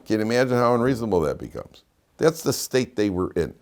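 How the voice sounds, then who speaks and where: A middle-aged rabbi giving a lively classroom lecture, telling stories and quizzing his students. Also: quick pace. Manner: animated storyteller, swings between loud emphatic peaks and low asides, quizzes students.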